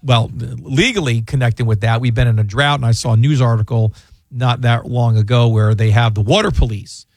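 A man's voice: medium pitch, steady tone, a little fast, a little mellow, no room sound. A man hosting a casual radio talk show from a studio, rambling with lots of restarts and side stories. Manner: rambling, with many restarts and asides. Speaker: radio show host and lawyer. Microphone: close studio microphone.

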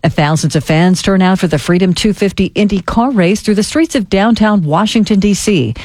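A male radio anchor with a high voice reads headlines briskly. The sound is close and dry. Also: a little mellow, no echo. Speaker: news anchor. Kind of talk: radio news reading.

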